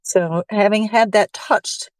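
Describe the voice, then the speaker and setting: A woman taking part in an online group session, speaking warmly and reflectively. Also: mid-range voice, fairly even intonation, slow, no room sound. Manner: warm, grateful, reflective. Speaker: group participant.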